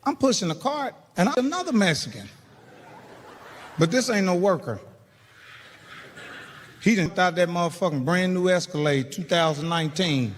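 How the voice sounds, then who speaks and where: High-voiced profane man doing stand-up. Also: moderate pace, pauses often, slight background noise. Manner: animated, profane, acts out the people in his stories. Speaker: stand-up comedian. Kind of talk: stand-up storytelling. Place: stage in a large venue with a live audience. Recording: live hall reverb and a loud laughing crowd.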